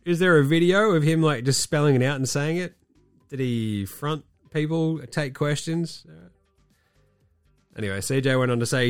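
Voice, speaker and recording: A man's voice: fairly high pitch, moderate pace, clean tone, dry recording. Sick male podcast host, sweary sarcastic ranter, dry close mic with faint music under. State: sick, coughing. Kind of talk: casual sports chat.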